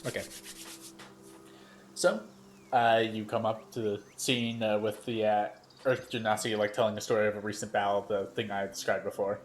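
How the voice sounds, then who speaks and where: A man running a tabletop game as game master, describing scenes with many pauses and fillers. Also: lowish voice, level tone, a little hiss or hum.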